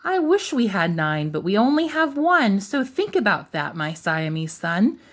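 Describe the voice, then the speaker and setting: A woman's voice: medium pitch, sing-song, a little slow. A woman voicing a worried, frazzled cat mother in a storybook read-aloud, wailing and fretful. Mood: scolding.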